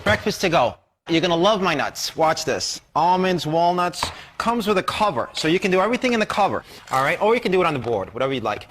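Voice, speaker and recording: A man pitching a kitchen chopper in an infomercial, with brash, pushy, rapid-fire salesman patter while he chops food. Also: sing-song, fairly bright tone, slight background noise.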